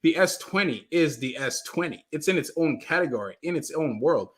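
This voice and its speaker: A man's voice: on the high side, moderate pace. A man hosting a casual livestream, talking loosely, repeating himself and reading out viewer comments. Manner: animated, repeats himself, reads chat aloud. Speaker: livestream host.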